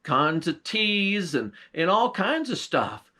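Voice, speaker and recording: A man's voice: sits high, very animated, takes it slowly, bright, forceful tone, full character voice. A man voicing a clever young trickster lad who feigns reluctance, in a storytelling drawl. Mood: sly.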